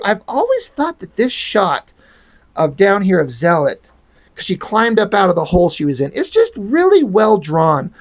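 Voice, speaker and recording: A man's voice: high voice, huge pitch swings, normal speed. Man hosting a casual comic review, rambling and profane, with strong opinions on the art.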